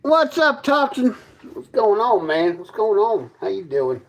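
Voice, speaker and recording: A man talks to his chat during a casual stream from his fifth-wheel trailer, ridiculing and bickering with viewers in a snide, combative manner. His high, sing-song voice keeps a measured pace over poor audio.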